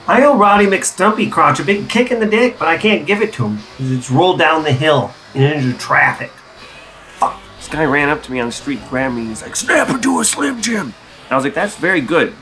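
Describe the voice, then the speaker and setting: A man telling absurd comedy stories in a bright, lively voice that sits a bit high. He stays deadpan, then suddenly erupts into shouting. Faint music sits behind him. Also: poor audio. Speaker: comedy sketch creator.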